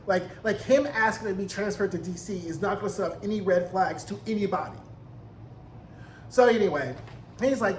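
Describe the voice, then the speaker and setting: A man giving an animated, profane, sassy recap of a TV episode in casual commentary. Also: high voice, normal speed. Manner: animated, profane, sassy, acts out character quotes. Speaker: TV recap reviewer. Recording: echoey room, faint noise.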